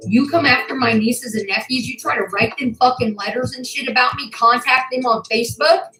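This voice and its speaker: A woman's voice: mid-range voice, bright, forceful tone, roomy sound, poor audio. A woman ranting furiously to her channel, swearing and making threats, near tears with anger. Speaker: YouTuber. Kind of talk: angry rant to camera.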